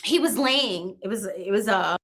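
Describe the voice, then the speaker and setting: A woman in her fifties giving an emotional personal account as an interview guest, halting and restarting, often repeating small tags. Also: mid-range voice, expressive, fairly bright tone. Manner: halting, restarts and repeats "you know what I mean".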